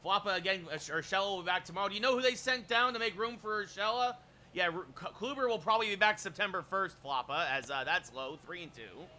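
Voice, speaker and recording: A bright, high-voiced streamer does play-by-play for baseball as live game commentary. He chats with viewers between plays and bursts into shouted home-run calls.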